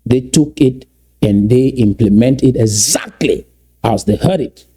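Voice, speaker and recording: A man's voice: medium pitch, expressive, a little slow, mellow, slightly rough. A man from Cameroon giving lecture-style commentary, emphatic and repetitive, drawing out words to stress his points. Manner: emphatic, repeats key phrases, stretches words for stress.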